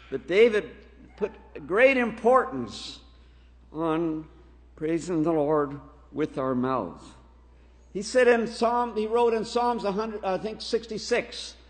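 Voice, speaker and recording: High-voiced preacher in a reverberant hall. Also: male voice. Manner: slow, emphatic scripture reading with call-and-response "Amen?". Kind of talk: sermon. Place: church hall.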